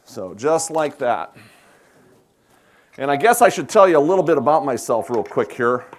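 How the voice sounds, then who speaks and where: A man's voice: medium pitch, sing-song, normal speed. A man from South Dakota with an Upper Midwest American accent, chatting with a live audience in a folksy, joking way while demonstrating a cooking recipe. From South Dakota, USA. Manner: chatty, folksy, self-deprecating humor. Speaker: chef giving a cooking demonstration.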